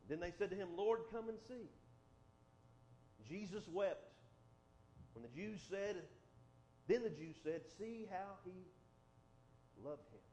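A man preaching a sermon, reading scripture aloud and explaining it with rhetorical questions, swinging between loud emphasis and quiet asides. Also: sits high, expressive, takes it slowly, long pauses, slight background noise, rough recording. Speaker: pastor.

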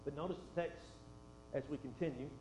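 A man preaching a sermon and reading scripture, folksy and conversational, dropping soft and then swelling for emphasis. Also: fairly high pitch, a little fast. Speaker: pastor. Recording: roomy, dull sound with faint hum.

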